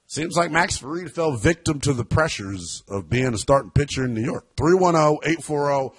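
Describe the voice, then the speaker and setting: A man hosting a sports talk radio show, talking in an animated, emphatic way that gets loud at times. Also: on the high side, normal speed, few pauses, slightly rough.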